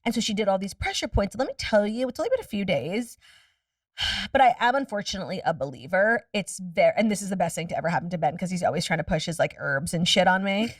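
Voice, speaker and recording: A woman with a medium-pitched, expressive voice chats casually as a podcast guest, swearing freely and racing candidly through her stories. The audio has studio quality with no room sound, captured from far off the mic.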